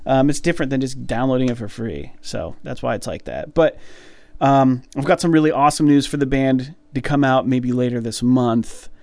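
Laid-back podcast dude rambling about his band, smooth clean voice, dry sound. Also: mid-range voice, normal speed, no room sound. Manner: relaxed, rambling with many fillers. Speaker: podcast co-host and musician. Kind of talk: casual podcast chat.

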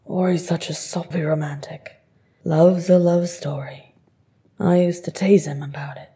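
A woman's voice: low voice, steady tone, unhurried, vocal fry, mellow. A woman voicing a grieving male dwarf thief who speaks in a bitter, choked-up way, for an audiobook. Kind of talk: audiobook character voice.

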